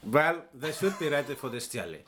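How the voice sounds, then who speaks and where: A man from Iceland chats on a podcast in an easygoing, playful way. He stops and restarts often, with plenty of ums and uhs. His pitch sits in the middle. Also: very animated, fairly bright tone, slight background noise. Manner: halting, many fillers and restarts, playful. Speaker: podcast co-host. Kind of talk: casual podcast chat.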